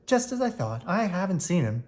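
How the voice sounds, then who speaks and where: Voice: mid-range voice, sing-song, brisk, darkish tone, pitched above the performer's own voice, natural voice. A storyteller voicing a nervous grown man in a children's storybook, fumbling and hesitant. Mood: flustered. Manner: hesitant, flustered.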